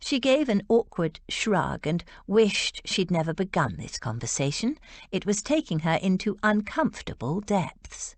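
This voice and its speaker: Expressive, unhurried woman narrator. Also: mid-range voice, no room sound. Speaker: audiobook narrator.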